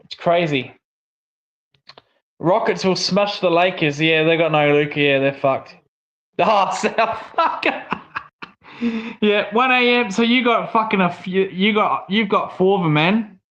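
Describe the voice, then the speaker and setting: A young man with an Australian accent talks loosely on a long livestream, cursing freely as he rants. His voice sits fairly high for a man. The sound is a little muffled and lo-fi. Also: normal speed, a bit bright. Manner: swears a lot, rants. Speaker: livestream co-host. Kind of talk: casual stream chat.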